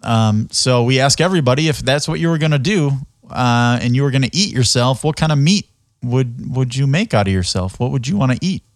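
A man's voice: medium pitch, animated, brisk, dry recording. A man with a mid-range voice hosting a casual interview. He rambles into his questions and laughs often. The sound is close and dry. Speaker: podcast host.

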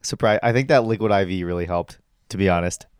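Young guy chatting on a home podcast, lowish smooth voice, laughs a lot. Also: fast, dry recording, studio quality. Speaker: podcast co-host. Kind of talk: casual chat.

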